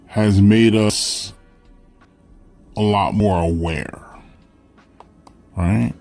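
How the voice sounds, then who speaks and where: A man teaching a literature class in a relaxed, conversational way. His voice is low and a little husky, and his pitch rises and falls widely. He speaks slowly and keeps checking in with the room with a quick "right?".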